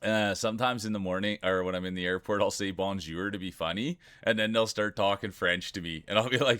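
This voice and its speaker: A man's voice: lowish voice, fairly even intonation, brisk, hardly any pauses, fairly bright tone, dry recording, clean studio sound. A man streaming live, chatting casually and rambling while greeting viewers by name.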